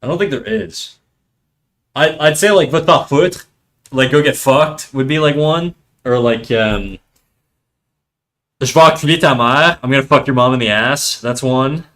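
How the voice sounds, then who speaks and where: Medium in pitch and fairly bright in tone, a young man speaks at normal speed during casual livestream chat. He's a French Canadian streamer with a Québécois accent who laughs, swears freely, and moves between English and French.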